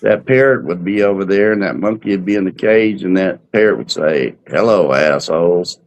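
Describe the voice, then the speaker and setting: A man with a lowish voice, telling stories in easy, casual chat. He talks in a relaxed way, stopping for fillers as he goes. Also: a little fast, low-quality recording. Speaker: host.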